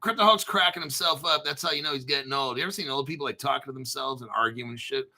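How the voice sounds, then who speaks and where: A man voicing a sarcastic heckler who mocks the host in the third person, in a slightly lower voice. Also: quick pace, bright, forceful tone. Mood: teasing. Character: snarky male heckler mocking the host.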